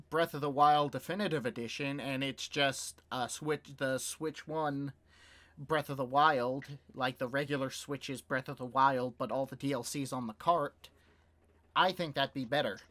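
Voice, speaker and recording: A man's voice: mid-range voice, fairly even intonation, measured pace, a bit bright. A young man co-hosting a casual podcast, rambling with fillers and laughing easily as he chats. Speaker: podcast co-host. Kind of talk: casual chat about video games.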